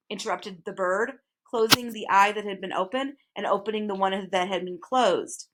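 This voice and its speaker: A woman reading a children's storybook aloud in an expressive way. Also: medium pitch, moderate pace, few pauses, slight background noise. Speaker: reader.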